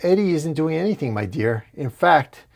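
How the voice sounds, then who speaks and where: A man voicing a murderous male symbiote villain in a comic recap, delivering raised, shouted threats. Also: on the high side, animated, moderate pace, creaky, pitched above the performer's own voice. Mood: menacing.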